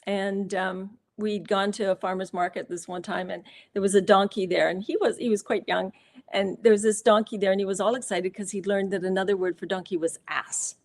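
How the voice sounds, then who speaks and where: A woman's voice: medium pitch, steady tone, a little fast, darkish tone. A woman author speaking as a guest on a live interview show, candid and reflective, telling personal stories with fillers and restarts.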